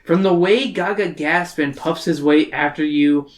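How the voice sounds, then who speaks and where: A woman's voice: sits low, a little slow. A tipsy woman hosting a podcast, reading a story aloud in a loose, joking way and stumbling over words. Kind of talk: tipsy casual read-aloud.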